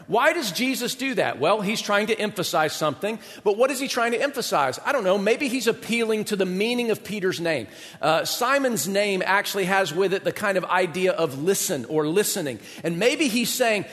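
A man with a notably high voice preaches a sermon, talking to the congregation in a chatty, conversational way and often asking rhetorical questions. His voice rings out with a long reverb, as in a large hall. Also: expressive, moderate pace, a bit bright. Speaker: pastor.

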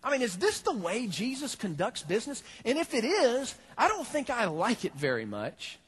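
Animated, husky-voiced pastor preaching. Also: male voice, extremely high pitch, moderate pace. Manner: animated, talks straight to the congregation. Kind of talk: sermon.

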